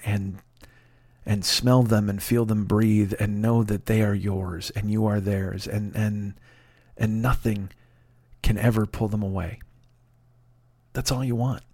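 A man's voice: fairly low pitch, steady tone, measured pace, a little mellow, dry recording. A man, hosting a podcast and telling a rambling, profane, self-mocking story full of restarts. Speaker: podcast host. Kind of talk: casual storytelling monologue.

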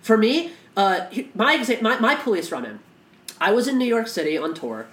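Co-hosting a casual podcast, this man talks with fiery, foul-mouthed intensity and keeps restarting his thoughts. His voice sits high and sounds sing-song and fairly bright at a moderate pace, recorded in an echoey room.

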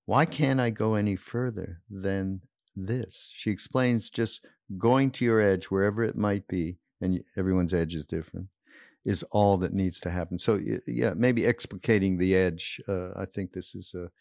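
Deep voiced guy hosting a podcast, slow halting talk, dry close sound. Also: steady tone, vocal fry, darkish tone, no echo. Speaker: podcast host. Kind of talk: reflective interview chat.

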